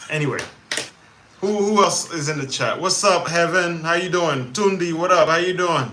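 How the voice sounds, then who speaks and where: A man's voice: fairly high pitch, fairly quick, pushed and bright, a little hiss or hum. A man hosting a live chat stream, venting about his frustrations and stumbling through many restarts. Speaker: livestream host. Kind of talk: casual live-chat talk.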